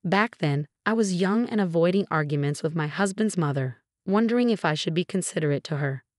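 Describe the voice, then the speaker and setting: A woman in her forties reads a first-person story in an even, measured way. Her voice is on the low side, and the recording is dry and close with no room sound. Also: dry recording. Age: 40s. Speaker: narrator.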